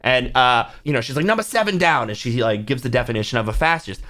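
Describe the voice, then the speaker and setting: A man's voice: mid-range voice, fast, bright, forceful tone. A man, a book channel host and author, talking casually to camera and acting out reactions with gasps and whispers. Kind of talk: casual talk to camera about films.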